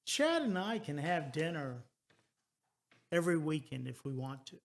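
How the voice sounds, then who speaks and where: A man in his early sixties hosting a talk radio show, earnest and halting, repeating words as he goes. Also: fairly high pitch, very animated, creaky. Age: 60s. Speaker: radio host. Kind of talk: casual talk radio chat.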